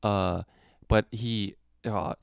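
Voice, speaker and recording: A man's voice: fairly low pitch, fairly even intonation, very slow, gravelly, clear, resonant tone, no echo, studio quality. A young adult man, a stand-up comedian hosting a podcast, telling stories in rambling, profane casual chat and laughing often.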